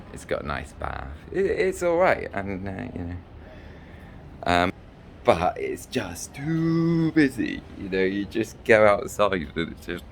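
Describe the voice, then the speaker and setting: An English vlogger and fairy maker with a low voice recounts a travel story in a rambling way, peppered with ums and restarts. He's in a small hotel room, and there's slight background noise.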